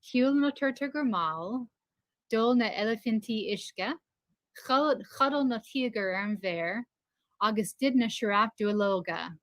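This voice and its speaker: A woman's voice: on the high side, animated, normal speed, dry recording. Woman reading aloud, dry close sound. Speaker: co-teacher reading example phrases. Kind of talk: reading lesson phrases aloud.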